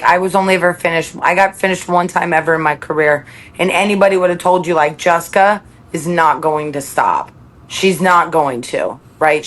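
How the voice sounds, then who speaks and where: A woman as a podcast guest, speaking candidly and reflectively, laughing between thoughts and quoting her own self-talk. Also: fairly low pitch.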